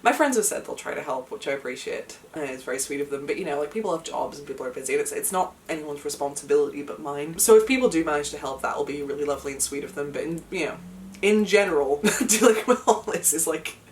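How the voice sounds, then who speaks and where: A woman's voice: sits low, lively intonation, quick pace, recorded from a distance, slight background noise. A young woman vlogging from her home, talking in an emotional, chatty way with lots of fillers and nervous laughs. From United Kingdom. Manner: chatty, emotional, many fillers, laughs through hard moments. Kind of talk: casual chat to camera. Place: at home, indoors.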